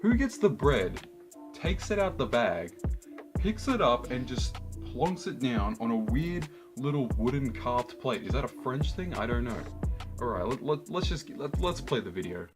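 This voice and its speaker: A man's voice: mid-range voice, sing-song, measured pace, over music. A man with an Australian accent, hosting a reaction video in an incredulous, ranting way. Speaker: YouTube host. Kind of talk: reaction rant.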